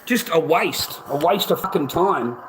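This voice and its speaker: A middle-aged man delivers an angry live-stream rant full of swearing, repeating "mate" at the end of almost every line. His voice is a little high and a bit bright, with lively intonation and a slightly slow pace. Poor audio, slight background noise.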